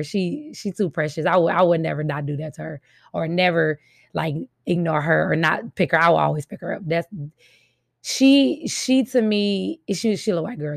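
Frank mother venting, low gravelly voice. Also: dry recording, studio quality. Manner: frank, emphatic, repeats points for stress. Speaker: mother and vlogger. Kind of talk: casual venting monologue to viewers.

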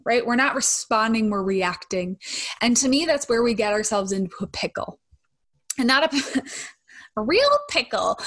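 A woman's voice: on the high side, a bit bright. A young adult woman hosting a podcast in a casual monologue, talking conversationally and often tagging her points with "right?". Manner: conversational, frequent "right?" tag questions. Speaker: podcast host.

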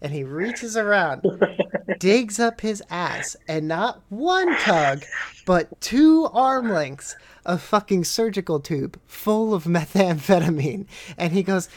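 A man's voice: high-pitched, slow pace. A man hosting a podcast who tells stories in casual chat, swearing often and laughing through the telling, heard over a video call. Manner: profane, laughing, animated storyteller. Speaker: podcast host.

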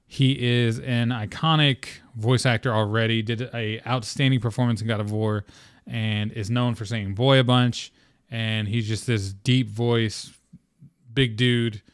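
A man's voice: medium pitch, steady tone, unhurried, clear, resonant tone, no echo, clean studio sound. A man hosting a casual solo podcast, rambling with lots of "um" and "like" and swearing freely. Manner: rambling, profane, filler-heavy. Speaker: podcast host.

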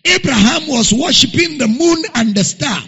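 A man's voice: very high-pitched, lively intonation, moderate pace, creaky, bright, forceful tone. A man preaching a sermon. He stresses key lines by repeating them and reads scripture aloud in King James wording. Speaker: pastor. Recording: dull, lo-fi recording with long hall reverb.

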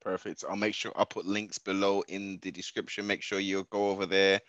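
A man's voice: deep voice, little pitch movement, a little fast, a bit bright, no echo, muffled recording. A male interview host who answers with short affirmations in a laid-back, casual way.

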